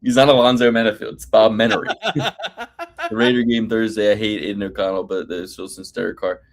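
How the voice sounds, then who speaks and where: A man's voice: on the low side, level tone, fairly quick. A man co-hosting a casual sports podcast who swears freely and jokes with mocking impressions. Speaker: podcast co-host. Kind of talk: casual sports betting chat.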